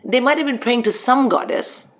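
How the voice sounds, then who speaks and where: A woman's voice: on the high side, moderate pace. A woman from India, a comedian guest on a podcast, chatting casually and laughing often as she tells stories. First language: Hindi. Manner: animated, laughs often while telling stories.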